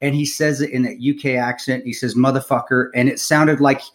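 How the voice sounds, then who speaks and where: A man's voice: medium pitch, fairly even intonation, brisk. An American man hosting a podcast who tells a story with energy, swears freely and often restarts his sentences. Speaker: podcast host.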